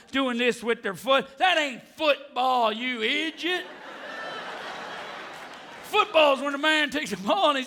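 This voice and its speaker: A man voicing a belligerent American sports fan who rants and shouts. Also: extremely high pitch, heavily acted. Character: loud brash male American sports fan.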